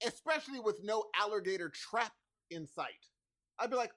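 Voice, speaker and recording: A man co-hosting a casual podcast who talks in a playful, animated way and laughs often. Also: high-pitched, normal speed. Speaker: podcast co-host. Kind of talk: casual chat.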